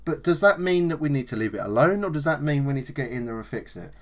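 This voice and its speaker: A man's voice: medium pitch, quick pace. A man, co-hosting a casual comedy chat and telling stories full of swearing. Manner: sweary, animated storytelling. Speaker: podcast co-host.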